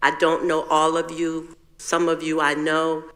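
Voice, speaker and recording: A man's voice: a little high, monotone, a little slow, fairly bright tone, long reverb tail. An older man on a school board, speaking plainly and sincerely to the audience at a public meeting.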